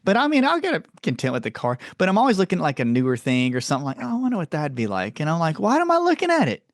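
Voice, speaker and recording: A man from the American South hosting a podcast, chatting in a rambling, animated way and laughing often. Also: rapid-fire, dry recording, clean studio sound. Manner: animated, rambling, laughs often, jumps up in pitch when telling stories. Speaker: podcast host. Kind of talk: casual chat.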